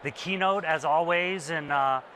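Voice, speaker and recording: Bright friendly male studio anchor. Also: a little high, a little slow, a little hiss or hum. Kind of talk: live event broadcast banter.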